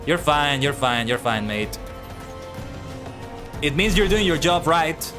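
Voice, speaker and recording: A man's voice: on the high side, lively intonation, slow. Chatty young male game streamer. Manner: chatty, talks to chat. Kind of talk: livestream gameplay commentary. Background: game music.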